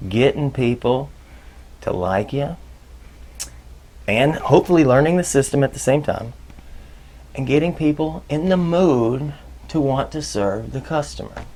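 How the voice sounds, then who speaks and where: A man hosting a leadership advice video, talking casually and jokingly, with loud bursts and muttered asides. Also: medium pitch, animated, measured pace, pauses often. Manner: chatty, jokey, swings between loud bursts and muttered asides.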